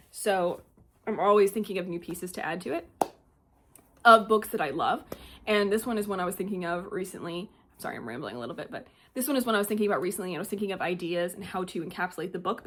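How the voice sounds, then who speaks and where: A woman's voice: lowish voice, fairly bright tone. A young adult woman chatting casually as a book vlogger, bubbly and gushing, rambling with lots of fillers. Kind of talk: casual chat.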